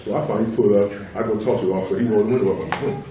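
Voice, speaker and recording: A middle-aged father gives testimony at a public tribunal, his lowish voice racing along with fairly even intonation while a crowd murmurs behind him. He speaks emphatically and repeats himself to drive each point home, often asking "you know what I'm saying." The recording comes from a roomy public hearing room, with a distant mic and faint noise.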